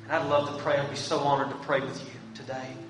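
A man's voice: mid-range voice, level tone, fast, a bit bright, far from the mic, faint music behind. Male pastor, earnest and pleading, heard from afar in a reverberant sanctuary with faint background hum. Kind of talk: sermon. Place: church sanctuary. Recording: echoey church room from afar, faint hum.

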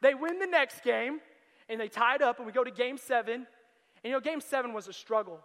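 A young adult man preaching as a youth pastor, telling stories with animation and bursting into loud excited quotes. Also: extremely high pitch, brisk. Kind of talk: sermon. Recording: long hall reverb.

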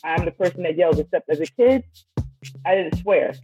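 A woman talking on a podcast in casual chat, excitable and dramatic, telling stories in an animated way. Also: lowish voice, normal speed, highs cut off, faint music behind. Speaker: podcast guest.

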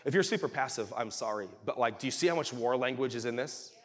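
A male pastor preaching a sermon with animated delivery that rises to shouts. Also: medium pitch, brisk. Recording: reverberant hall.

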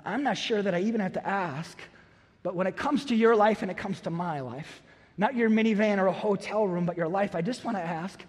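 A high-pitched man in his thirties preaches in an animated way, acting out the people in his stories and swinging from loud bursts to near-whispers. His voice rings out with long reverb across a large church hall. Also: a little fast. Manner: animated, acts out quotes, swings from loud to hushed. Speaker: pastor. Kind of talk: sermon with storytelling. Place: church auditorium.

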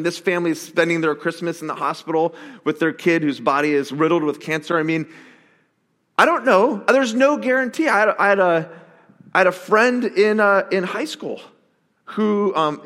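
A man preaches with a high, bright voice that leaps up and down as he talks. He is candid and self-mocking, and his words carry the long reverb of a large hall. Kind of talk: sermon.

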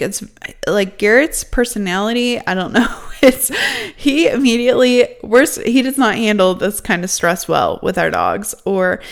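Young adult woman vlogger, mid-range voice, chatty and casual, tells a story to camera with constant "like" fillers. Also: medium pitch. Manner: chatty, heavy use of "like" as filler.

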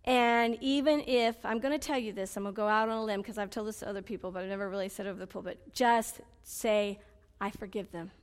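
A woman preaching a sermon, swinging between loud pleading cries and low confiding asides. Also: steady tone, fast talker, few pauses, smooth, in a large hall.

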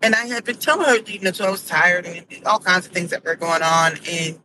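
A woman's voice: on the low side, fairly quick, pushed and bright, rough recording. Middle-aged woman host, emphatic opinion monologue, audible hiss underneath the voice. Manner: indignant, emphatic storytelling. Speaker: podcast host. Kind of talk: casual commentary monologue. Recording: noticeable background noise.

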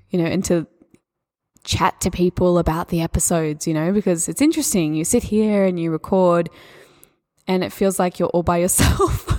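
Australian female podcast host, mindset coach, soft encouraging delivery, slightly low voice. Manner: gentle, encouraging, spiritual. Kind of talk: solo podcast talk.

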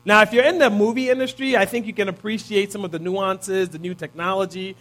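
High-voiced man preaching casually. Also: steady tone, fairly quick, fairly bright tone. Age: 30s. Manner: casual, peppers points with "right?". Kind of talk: conversational sermon.

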